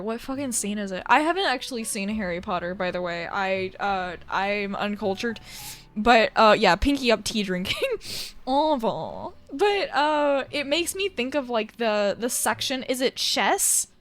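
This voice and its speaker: A woman's voice: fairly high pitch, expressive, a little slow, fairly bright tone, soft background music. A woman streamer chatting casually with viewers in a rambling, giggly way. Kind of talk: casual chat.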